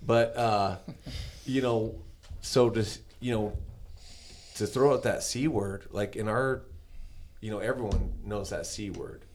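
A man's voice: fairly low pitch, fairly even intonation, measured pace, long pauses, darkish tone, a little hiss or hum. A middle-aged man hosting a podcast, telling stories in a rambling, casual way. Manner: rambling storyteller. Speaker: podcast host. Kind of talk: casual conversation.

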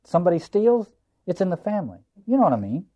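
A man voicing a sly male restaurant waiter who talks in a confiding, lowered voice. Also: big pitch swings, quick pace, dark tone. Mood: conspiratorial.

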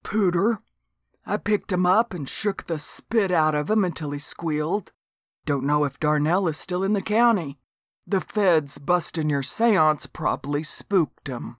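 A woman voicing a big, laid-back lawman who speaks in a slow, matter-of-fact drawl. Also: deep voice, dry recording, clean studio sound.

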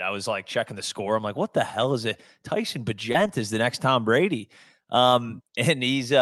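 A man's voice: lowish voice, a bit bright, dry recording, studio quality. A man co-hosting a casual sports podcast, talking in a laid-back, rambling way with lots of fillers. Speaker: podcast co-host.

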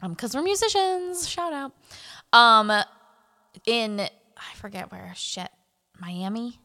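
A woman's voice: on the high side, takes it slowly, bright, forceful tone. A young woman co-hosting a podcast, chatting casually and giggling often, full of fillers and asides. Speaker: podcast co-host. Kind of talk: casual chat.

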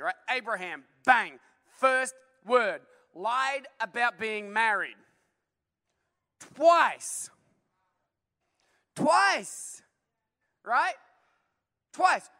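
A man preaching with a very high, bright voice, joking with the congregation and firing questions at them. His energetic sermon echoes with long reverb through a large church hall. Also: a little slow. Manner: humorous, energetic, quizzes the congregation. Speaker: pastor.

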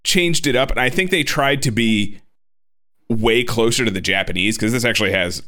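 A man in his thirties in casual podcast chat, animated and swearing freely. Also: mid-range voice, normal speed.

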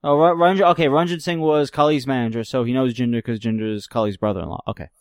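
Man, podcast co-host, casual chat, offhand, mid pitch, dry close sound. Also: steady tone, fast, dry recording.

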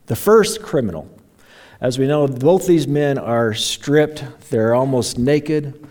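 A pastor preaches a sermon in a medium-pitched, darkish voice at a slow pace. He tells the story dramatically, briefly voicing the mocking crowd and the criminals.

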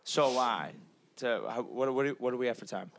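A man's voice: medium pitch, normal speed, fairly bright tone. A young man hosting a casual podcast, joking and swearing freely. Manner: rowdy, profane, joking. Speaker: host.

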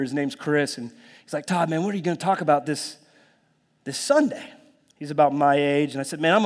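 A fairly high-voiced man preaches a sermon in a big, reverberant church hall. His delivery is conversational and animated, full of asides to the congregation, sudden whispers and bursts of excitement. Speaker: pastor.

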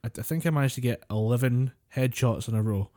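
Chill podcast guy, mellow voice, dry close sound, mostly just reacting. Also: mid-range voice, quick pace, no room sound. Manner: laid-back listener, short reactions and dry asides. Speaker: podcast co-host. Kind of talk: casual chat.

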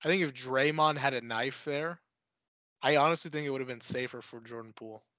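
Mid-pitched male co-host, deadpan, crude, dry close mic. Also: fairly quick, dry recording. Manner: deadpan dark humor, swears, fillers like "like". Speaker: podcast co-host. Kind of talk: casual crude chat.

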